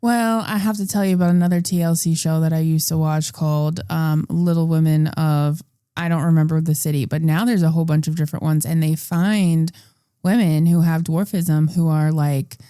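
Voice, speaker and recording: A woman's voice: low voice, steady tone, normal speed, dark tone, clear, resonant tone, no echo, clean studio sound. A woman co-hosting a podcast, chatting casually and swearing as she recaps a movie. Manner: chatty, swears, laughs along. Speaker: podcast co-host.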